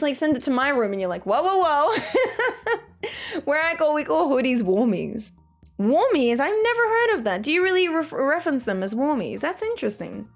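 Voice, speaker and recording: A fairly high-voiced woman in her thirties chats casually on a gaming stream. She reads viewer messages aloud and laughs often as she talks. Faint game music plays underneath. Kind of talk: casual chat while gaming.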